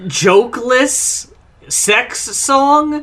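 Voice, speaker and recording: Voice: medium pitch, lively intonation, very slow, a bit bright. A co-host on a casual album review podcast, giving blunt, dry opinions. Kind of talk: casual comedic review chat.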